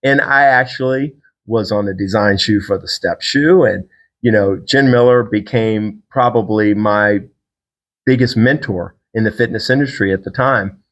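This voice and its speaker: A middle-aged man hosting a podcast, telling a personal faith story in a casual, animated way and acting out the people he quotes. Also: moderate pace, muffled recording. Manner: animated storyteller, acts out quotes with big pitch jumps. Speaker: podcast host.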